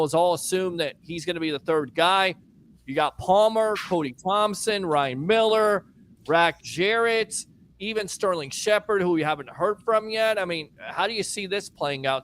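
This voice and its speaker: A man with a fairly high voice hosts a live-stream sports talk show. He takes callers and ribs his co-host in loose, relaxed banter. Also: slight background noise.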